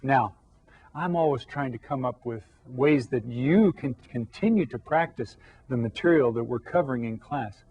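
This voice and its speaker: A man with a slightly husky, mid-pitched voice teaches young children a recorded Spanish lesson. He explains patiently and slows down to draw out each new word for them to repeat. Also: lo-fi sound. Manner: slow, drawn-out modeling of Spanish words. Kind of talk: televised classroom lesson for children.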